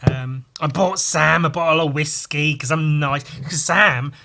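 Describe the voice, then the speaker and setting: A man's voice: a little high, unhurried, vocal fry, background noise. A man hosting a podcast, talking alone in a casual, rambling way, swearing freely and breaking off mid-sentence. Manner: sweary, rambling, self-interrupting. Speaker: podcast host.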